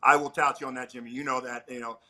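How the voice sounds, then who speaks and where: A middle-aged man, a former pitcher, telling animated stories as a guest on an interview show. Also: quick pace, low-quality recording. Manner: animated, peppers talk with "man". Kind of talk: casual storytelling chat.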